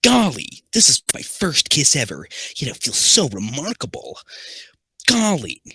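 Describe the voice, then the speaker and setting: Sonic: man doing a prim, gee-whiz cartoon-hero hedgehog boy, high and goofy. Tense, raspy tone. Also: huge pitch swings, a little slow, sharp tone, no echo, exaggerated voice. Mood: dreamy. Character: naive young male hedgehog in a goofy old-cartoon hero voice.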